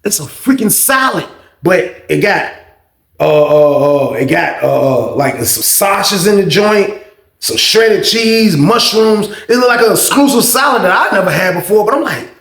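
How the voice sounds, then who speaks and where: A man telling a storytime vlog story in casual slang, animated and getting louder when excited. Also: sits high, unhurried, gravelly, reverberant. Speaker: storytime vlogger.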